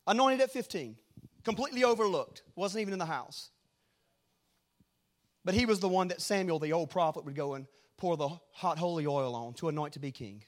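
A middle-aged man preaching a rambling sermon, moving from hushed storytelling to shouted exhortation. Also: fairly high pitch, expressive, a little fast.

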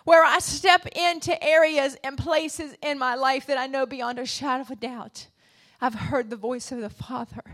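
A woman preaching a sermon to a church congregation, asking the room questions and swinging from quiet, low passages to shouted high points. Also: steady tone, normal speed, hardly any pauses. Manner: call-and-response preaching, swinging between soft low passages and shouted peaks.

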